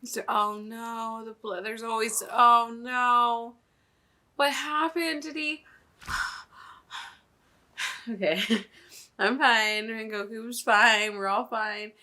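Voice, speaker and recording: A woman hosts a reaction video, talking casually and emotionally and often breaking off mid-sentence with nervous laughs. Her voice is on the high side, steady, pushed and bright, and she speaks slowly with frequent pauses.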